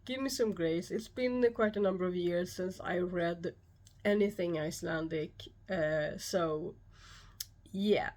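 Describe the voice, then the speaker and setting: A woman with a Swedish accent, a YouTube host talking alone to camera, calm and measured, often pausing. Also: mid-range voice. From Sweden. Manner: calm, measured explaining with frequent pauses. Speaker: YouTube host and shamanic practitioner. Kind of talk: solo explanatory talk to camera.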